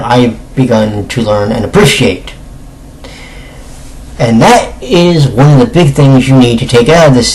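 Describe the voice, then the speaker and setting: A slightly hoarse man talks through a casual video review in a middle-pitched voice. He is chatty and emphatic and often stops to correct himself mid-phrase. He clears his throat now and then. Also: low-quality recording. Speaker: anime reviewer.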